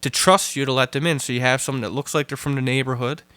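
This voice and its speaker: A man's voice: medium pitch, fairly even intonation, fast talker, pushed and bright, clean tone, no echo. A man hosting a podcast, questioning a guest and recapping her story back to her. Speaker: podcast host. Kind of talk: interviewing a guest.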